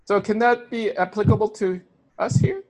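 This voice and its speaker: A man's voice: high voice, very animated, moderate pace, darkish tone. Man preaching a conversational sermon. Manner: conversational, with filler words and restarts. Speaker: pastor.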